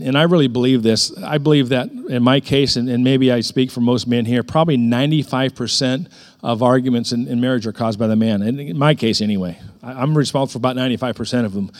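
A middle-aged pastor preaches a sermon in a conversational storytelling style, as if chatting with his congregation, then abruptly raises his voice to stress key words. His voice is medium-pitched and brisk.

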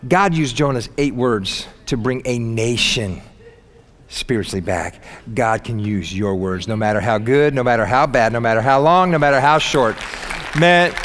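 A man preaching a sermon in church, animated and humorous, jumping between loud bursts and quiet asides and laughing at his own jokes. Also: mid-range voice, slight background noise. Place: church sanctuary.

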